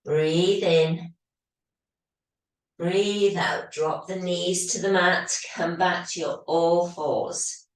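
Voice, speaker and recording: Slightly hoarse, slow-talking yoga teacher woman. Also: on the low side, far from the mic. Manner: calm, steady breath cues. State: slightly hoarse, losing her voice. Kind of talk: guided yoga instruction. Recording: very echoey room, voice off-mic.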